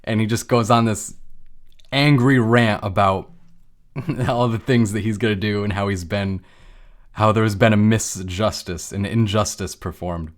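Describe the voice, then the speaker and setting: A man's voice: lowish voice, fairly even intonation, a little slow. Man explaining with everyday examples. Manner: conversational, uses made-up everyday examples. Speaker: lecturer on emotions. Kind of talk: casual explanatory talk.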